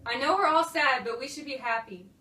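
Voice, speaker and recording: A woman's voice: high voice, brisk, pushed and bright. A teenage girl playing a male priest in a school play, firm and consoling. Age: teens. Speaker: student actor. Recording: echoey room, from far off.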